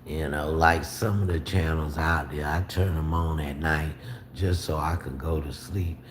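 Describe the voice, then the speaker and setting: Slow, deep-voiced man on a livestream. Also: fairly even intonation. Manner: slow, drawling, gets indignant replying to comments. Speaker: livestream host. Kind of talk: casual livestream chat. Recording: echoey room with noticeable background noise.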